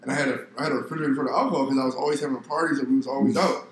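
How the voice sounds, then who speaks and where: A young man chatting casually and trading joking stories at an easy pace. His pitch is middling. The room is echoey, with a faint hiss underneath. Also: steady tone, rapid-fire. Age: young adult. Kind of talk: casual chat.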